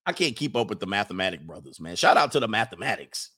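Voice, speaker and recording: A young man hosting a casual livestream, reading viewer messages aloud and riffing on them, animated and laughing often. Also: on the low side, fast, breathy edge. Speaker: livestream host reading super chats.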